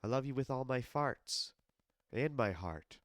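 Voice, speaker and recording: Casting note: male podcast host, sick and congested, profane animated rant, smooth clear voice, dry close sound. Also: mid-range voice, unhurried, dry recording. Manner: animated, profane, talks straight to the absent fighter. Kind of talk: casual solo podcast rant. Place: home basement studio.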